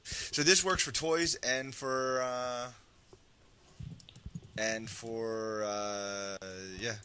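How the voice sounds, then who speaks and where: Slow-talking bright male co-host. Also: mid-range voice, steady tone, a little hiss or hum. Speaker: podcast co-host. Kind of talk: casual chat.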